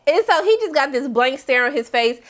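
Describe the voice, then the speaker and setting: A woman giving a chatty, animated recap of a TV episode, with big swings in her voice and playful asides. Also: high-pitched, a little fast. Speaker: TV recap host. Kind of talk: casual TV recap commentary.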